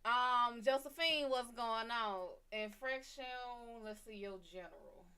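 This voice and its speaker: This tarot streamer chats loosely and profanely, calling viewers by name. Her voice is a little high with a sharp tone and a measured pace. A bit of hiss or hum is present, and she frequently turns away from her desk mic.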